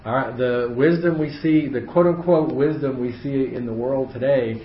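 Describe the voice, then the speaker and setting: A man's voice: mid-range voice, fairly even intonation, normal speed, slight background noise. A man leading a casual Bible study for a small group, thinking aloud with frequent fillers and restarts. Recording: echoey room, muffled audio.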